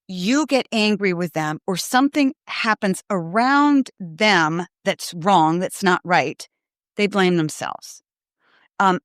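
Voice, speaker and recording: A woman's voice: mid-range voice, fairly bright tone, no echo, clean studio sound. Earnest woman host giving parenting advice. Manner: earnest, emphatic, speaks directly to parents. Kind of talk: live Q&A advice talk.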